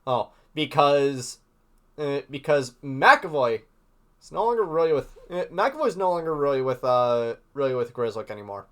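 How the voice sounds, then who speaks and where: A man's voice: medium pitch, sing-song, moderate pace, fairly bright tone. A man hosting a podcast, recapping a hockey game in a casual, rambling way full of fillers and restarts. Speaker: podcast host.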